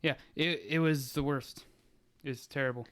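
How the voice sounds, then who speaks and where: A man's voice: medium pitch, steady tone, moderate pace, a bit bright, a little hiss or hum. A young man on a podcast, chatting casually and telling a wry, rambling story with fillers. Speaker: podcast co-host. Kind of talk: casual chat.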